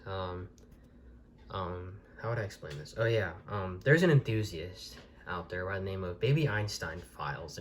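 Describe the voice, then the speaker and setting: A man's voice: low-pitched, slight background noise. A man reviewing a collectible video tape from the desk in his bedroom, talking casually and rambling with many restarts.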